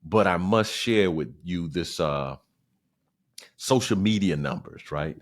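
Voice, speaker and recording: Deep-voiced Southern comedian talking. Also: male voice, takes it slowly. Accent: South Carolina, Southern US. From South Carolina, US. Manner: animated, slangy, repeats phrases. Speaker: podcast host, stand-up comedian. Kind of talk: casual podcast monologue.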